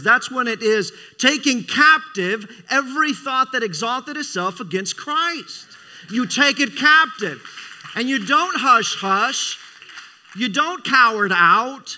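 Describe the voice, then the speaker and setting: A man's voice: very high voice, lively intonation, a little slow, pushed and bright. A middle-aged man preaching a sermon, emphatic, repeating phrases and calling for amens. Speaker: preacher, Christian school leader.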